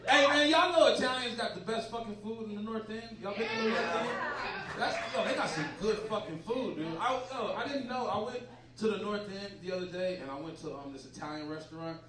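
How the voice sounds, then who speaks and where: High-voiced man, profane stand-up, echoey club, distant mic, loud laughing crowd. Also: a little fast. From Massachusetts. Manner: brash, profane, crowd-teasing. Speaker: stand-up comedian. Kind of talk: stand-up set. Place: comedy club stage before a laughing audience.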